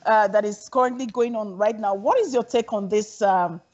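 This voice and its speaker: A woman's voice: mid-range voice, normal speed, a little mellow. A woman hosting a talk show, affirming and steering the conversation. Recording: dull lo-fi sound.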